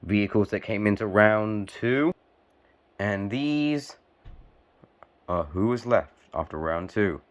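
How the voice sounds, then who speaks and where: A young man giving play-by-play commentary on a toy car joust, calm and measured with sudden excited spikes on big hits. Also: on the low side.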